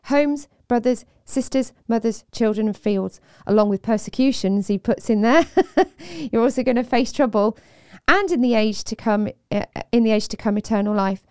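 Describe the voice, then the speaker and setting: A woman co-hosting a casual faith discussion, earnest and quick to laugh. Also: on the high side, darkish tone, clean tone, no echo, clean studio sound. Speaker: podcast co-host.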